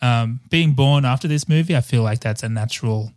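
A man's voice: medium pitch, a little fast, a little mellow, no echo, studio quality. A man hosting a casual podcast chat, laughing often and filling with ums. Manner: chatty, laughs often, fillers. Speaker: podcast host. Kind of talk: casual chat, research recap.

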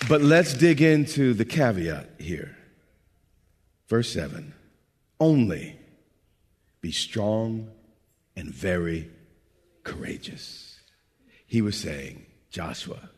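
A middle-aged man preaches a sermon in a church sanctuary, his husky voice carrying a long hall reverb. His pitch swings widely, from low, hushed passages up to high, shouted peaks. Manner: building from low, quiet delivery to loud, shouted preaching. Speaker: pastor.

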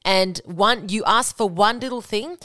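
A woman's voice: mid-range voice, unhurried, a bit bright, no echo. Blunt, casual woman podcaster, dry sound. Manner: candid and blunt, swears freely, acts out quoted lines. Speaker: podcast host. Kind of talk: casual solo podcast talk.

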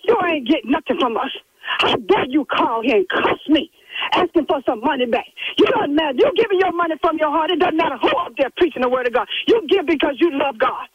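A woman's voice: high voice, lively intonation, brisk, no room sound. A woman from a church who lectures an angry caller over the phone in an indignant, preachy way. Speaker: church member who answers the call. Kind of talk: phone call. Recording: muffled phone line.

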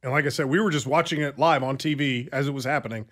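A middle-aged man co-hosting a talk show, telling a story with stammered restarts and lively bursts. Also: medium pitch, fast. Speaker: radio show co-host. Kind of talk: casual chat.

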